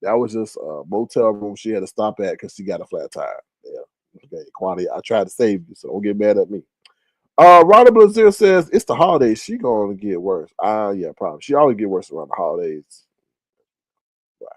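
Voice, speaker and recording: Chatty, animated man hosting a livestream. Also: fairly low pitch, a little fast, no room sound. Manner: animated, chatty, reads viewer comments aloud. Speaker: livestream host. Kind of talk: casual live-stream commentary.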